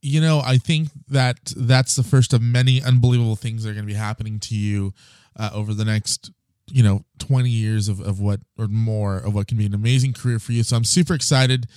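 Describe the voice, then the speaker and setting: A man's voice: lowish voice, steady tone, a little fast, a little mellow, smooth, no room sound, clean studio sound. A man hosting an interview podcast, talking casually and enthusiastically with many fillers. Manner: enthusiastic, filler-heavy, rambling.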